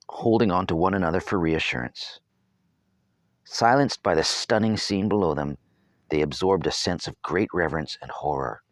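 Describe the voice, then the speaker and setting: Deep-voiced guy reading his own storybook, very animated, wry jokes thrown in. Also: no room sound, clean studio sound. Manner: wry, humorous asides. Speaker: author reading his novel. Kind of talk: storybook narration.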